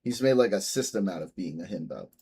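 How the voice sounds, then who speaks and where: A man's voice: low voice, lively intonation, quick pace, husky. Crude joking male streamer. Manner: crude, joking, swings loud and soft. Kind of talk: casual live-stream commentary.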